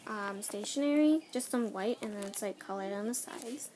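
A woman's voice: mid-range voice, moderate pace, background noise. A teenage girl vlogger chatting casually through an unboxing, bubbly and gushing, giggling often. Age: teens.

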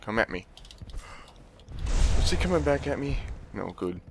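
A man's voice: medium pitch, big pitch swings, a little slow, gravelly, noisy background. A young man commentating his own gameplay, trash-talking enemies with lots of swearing and breaking into sudden yelps of alarm. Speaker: let's play host.

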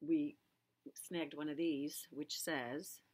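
Low-voiced woman, rambling chatty co-host. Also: fairly even intonation, takes it slowly, darkish tone. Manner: rambling, searches for words with many fillers. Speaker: yarn shop co-host. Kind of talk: casual chat.

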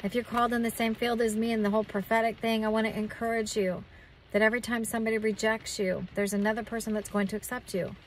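A woman's voice: on the high side, level tone, fast talker, recorded from a distance, a little hiss or hum, poor audio. A woman who is a prophetic minister, giving an earnest, encouraging talk and a spoken prayer, with frequent restarts. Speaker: self-described prophetic minister.

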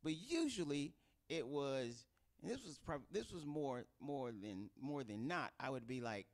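A man's voice: medium pitch, animated, measured pace, gravelly. A middle-aged man preaching an informal sermon, talking conversationally and acting out quoted voices. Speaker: pastor.

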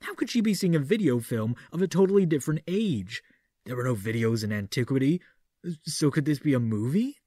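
Audiobook narrator: man, dark mellow voice, theatrical and measured, dry close mic. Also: medium pitch, lively intonation, no room sound. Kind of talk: audiobook reading doing a Vincent Price impression.

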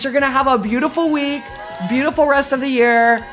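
A woman streamer with a fairly high voice signs off her stream in a warm, rambling, gushing way, heavy on slang and fillers. Her voice is starting to wear a little hoarse. Soft music plays faintly behind her. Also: fairly even intonation, brisk. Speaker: livestreamer. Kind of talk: casual end-of-stream chat.

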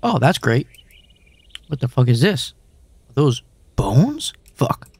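A man's voice: medium pitch, big pitch swings, takes it slowly, a little mellow, slightly rough, dry recording. Wry suspicious young gamer guy. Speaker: gaming channel host. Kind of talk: horror game commentary.

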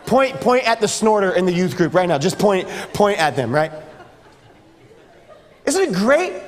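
Male pastor, very high voice, jokey youth sermon, long church-hall reverb. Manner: playful, joking, acts out sounds. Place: church sanctuary.

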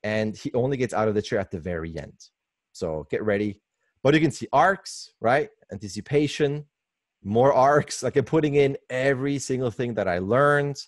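A man's voice: mid-range voice, normal speed, no room sound, studio quality. A man in his forties, a guest animator giving an enthusiastic webinar commentary from home over a video call mic, laughing often and gushing. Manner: excitable, laughs often, lively gushing delivery. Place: home workspace.

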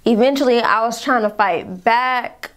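A woman's voice: a little high, unhurried. A young woman telling a painful personal story to her viewers in a vlog, rambling, calling them y'all, fighting back tears. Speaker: vlogger.

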